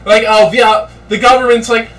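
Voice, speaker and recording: Deadpan man, a little off-mic. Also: very high voice, brisk. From United States. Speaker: podcast co-host. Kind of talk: casual chat. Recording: slightly distant mic with faint background noise.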